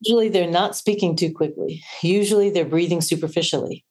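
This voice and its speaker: A woman's voice: fairly low pitch, brisk, a little mellow. A woman voice coach on a podcast, explaining and demonstrating how breathing shapes the voice. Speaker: voice coach guest. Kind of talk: podcast interview.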